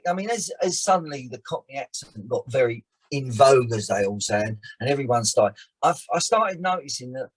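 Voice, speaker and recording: A man, chatting as a guest on a podcast, animated and often restarting his sentences. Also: mid-range voice, fairly quick, breathy edge. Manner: animated, frequent restarts and repeated words. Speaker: actor and filmmaker guest. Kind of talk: casual podcast chat.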